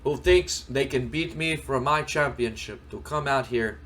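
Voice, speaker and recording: A man voicing a terse male wrestling champion who speaks slowly and deliberately. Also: mid-range voice, a bit bright, close to an everyday voice. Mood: challenging. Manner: slow, deliberate.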